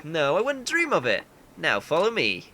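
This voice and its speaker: A man's voice: a little high, wildly swooping pitch, moderate pace, pushed and bright, soft background music, exaggerated voice. A man voicing a brash, streetwise middle-aged man in a video game, talking bluntly and teasing. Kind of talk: reading game dialogue aloud.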